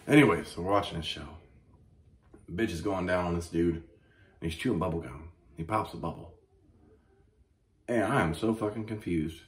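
A man hosting a comedy show, ranting crudely and profanely with mock outrage and animated storytelling. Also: low-pitched, a little hiss or hum. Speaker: comedy podcast host. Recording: echoey room.

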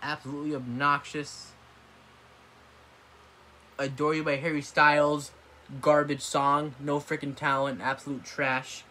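Bright-voiced man ranting casually. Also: on the high side, flat delivery, measured pace, pauses often. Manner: blunt and dismissive, swears often, gets worked up. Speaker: vlogger. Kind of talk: ranting video commentary. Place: apartment room. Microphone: tablet microphone.

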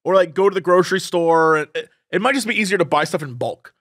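A man's voice: sits high, fast, no room sound, studio quality. A young man co-hosting a podcast, telling a funny family story in casual chat and acting out the people in it. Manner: animated storyteller acting out family members' voices. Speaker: podcast co-host.

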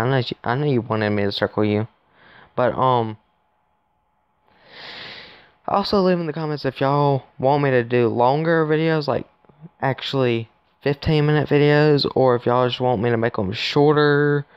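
A man's voice: mid-range voice, clear, resonant tone, no room sound, highs cut off. A man giving rambling, casual commentary to his viewers while playing a phone game, recorded on his phone. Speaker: gaming YouTuber.

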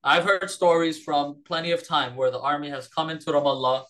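A man's voice: a little high, fairly even intonation, fairly quick, a bit bright, rough recording. A man from Palestine, a podcast guest, retelling a story in a casual, rambling, profane way.

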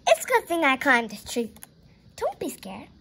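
A woman reading aloud and voicing a brave, spirited young girl in a children's storybook, with a bright, exclaiming delivery. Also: high voice, wildly swooping pitch, moderate pace, vocal fry, exaggerated voice. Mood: lively.

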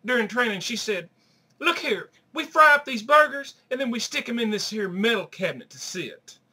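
A man's voice: very high voice, expressive, moderate pace, bright, forceful tone, slightly rough, heavily acted. A man playing a crude, gossipy middle-aged woman in a comedy sketch. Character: brassy crude Southern middle-aged woman, Aunt Charlene.

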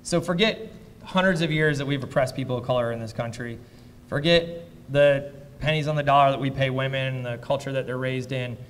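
A man who invests in startups, speaking as a fireside chat guest before a live audience, blunt and profane as he tells lively anecdotes. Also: mid-range voice, fairly quick, in a large hall. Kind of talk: candid onstage storytelling.

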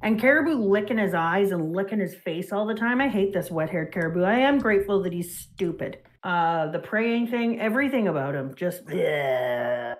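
A middle-aged woman from Canada co-hosting a casual chat, animated and blunt, swearing freely. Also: medium pitch, brisk, hardly any pauses. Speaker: co-host.

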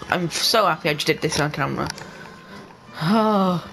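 A young man giving excitable let's-play commentary, talking to the game and to his viewers and bursting into yells. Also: a little high, normal speed, vocal fry, faint music behind, rough recording. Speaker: gaming channel host.

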